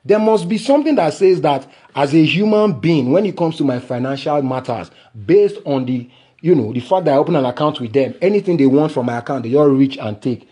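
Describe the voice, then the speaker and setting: A man's voice: fairly high pitch, animated, fairly quick, dark tone, husky. Indignant Nigerian man ranting on a podcast. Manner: indignant, mixing Nigerian Pidgin into English. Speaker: podcast host. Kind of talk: angry solo podcast rant.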